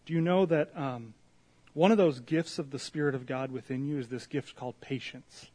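A man's voice: mid-range voice, moderate pace. A man preaching an earnest devotional sermon and prayer, full of rhetorical questions, his voice swelling and dropping. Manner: earnest, rising and falling in loudness, rhetorical questions.

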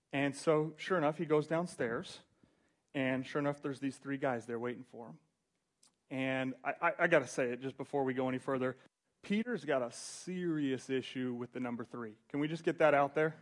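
A man's voice: mid-range voice, a little fast. A man preaching a casual sermon, reading scripture aloud and retelling it in loose everyday slang.

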